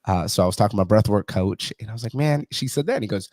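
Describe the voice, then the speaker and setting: A man with a lowish voice hosts a podcast and talks fast, swearing freely. He acts out quoted lines as he tells a story, and the sound is dry and close. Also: no echo. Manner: profane, animated storyteller who acts out quotes. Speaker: podcast host. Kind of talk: casual podcast conversation.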